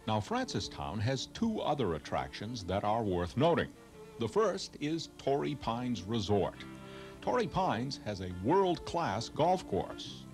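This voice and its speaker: A man's voice: medium pitch, huge pitch swings, slow, a little mellow, faint music behind. A man with a New England accent hosting a travel show on location, talking with enthusiasm and lots of exclamations. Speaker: host. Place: outdoors on location.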